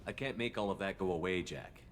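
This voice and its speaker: A man voicing a stern, level-headed male commander in video game dialogue, firm and measured. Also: sits low, slight background noise, natural voice.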